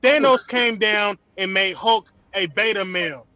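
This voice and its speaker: A man in casual chat, ranting and joking with animated energy. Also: high-pitched, a little slow, highs cut off. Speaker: podcast host.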